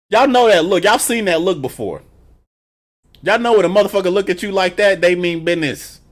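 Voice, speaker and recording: Male TV reviewer, loose and animated, swears freely, chuckles while retelling scenes. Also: sits high, moderate pace, pauses often. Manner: animated, profane storytelling; laughs between remarks. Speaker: TV episode reviewer. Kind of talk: casual reaction review.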